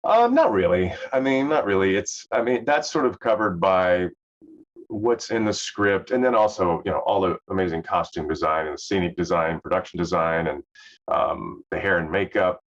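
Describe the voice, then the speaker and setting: A middle-aged man talks in a very deep voice with a faint Southern US accent. He rambles easily through his answers, full of fillers and restarts. The recording sounds somewhat dull and lo-fi. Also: animated, moderate pace. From Southern US, Memphis. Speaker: actor guest. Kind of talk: casual interview chat.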